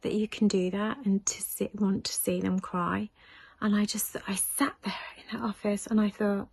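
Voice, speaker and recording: A middle-aged British woman recounting a painful personal story in a vlog, emotional and halting, often dropping to a near whisper. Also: medium pitch, little pitch movement, creaky, a little mellow, breathy edge, dry recording. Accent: British English. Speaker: vlogger.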